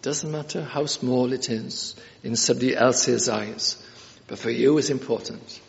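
A man's voice: mid-range voice, unhurried, creaky. A man preaches an earnest expository sermon, returning to key phrases again and again. He hesitates often with filler sounds between points. The recording is dull and lo-fi, with long reverb from a church hall.

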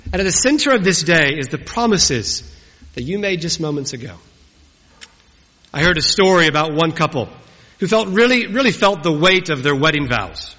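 A man in his forties preaching a humorous wedding sermon in a church. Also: a little high. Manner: warm, humorous, storytelling delivery. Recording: dull recording with long church reverb.

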